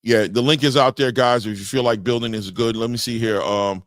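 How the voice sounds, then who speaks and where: A man hosting a casual boxing chat show, talking loosely with repeats and shout-outs. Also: mid-range voice, steady tone, brisk, no echo, studio quality. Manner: loose, repetitive, hypes guests with shout-outs. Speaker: podcast host.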